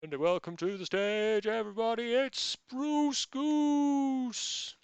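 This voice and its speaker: A man putting on a grand, drawn-out game-show announcer voice, pitched well above his own. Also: fairly even intonation, clear, resonant tone, no echo, heavily acted. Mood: grandiose. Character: booming male game-show stage announcer.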